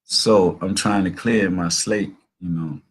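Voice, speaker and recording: A man's voice: low-pitched, fairly even intonation, takes it slowly, husky. A man around sixty hosting a talk show, telling stories in a loose, earnest monologue full of "man" and "you know". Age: about 60. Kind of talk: casual spoken monologue.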